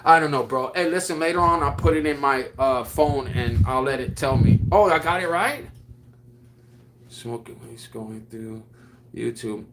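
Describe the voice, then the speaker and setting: A man on a casual livestream who reads viewer comments aloud and chats in an excitable, slangy way full of restarts. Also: mid-range voice, normal speed. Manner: drawling slang with frequent restarts.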